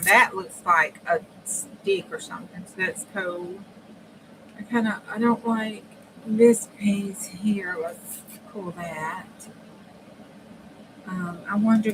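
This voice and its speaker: Chatting through a casual craft livestream, a female crafting channel host thinks out loud as she works and occasionally slips into near-whispers. She speaks at medium pitch with fairly even intonation, a little slowly, against a noisy background.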